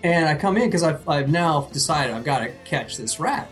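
A man co-hosting a casual podcast, his pitch swinging widely as he tells a story. He talks in an animated, profane way and often laughs at his own tale. Faint music sits under the voice. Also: normal speed. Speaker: podcast co-host.

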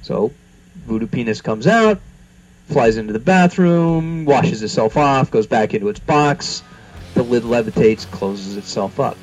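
A man's voice: medium pitch, measured pace, soft background music, rough recording. Man telling a dirty joke, lots of voices. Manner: animated storyteller, jumps into character voices. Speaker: podcast co-host.

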